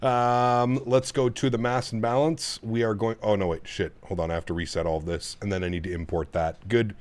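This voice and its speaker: A man's voice: lowish voice, fairly even intonation, fairly quick, darkish tone. A man from Canada hosting a casual live flight-sim stream, cooing to his dog and talking through cockpit setup steps.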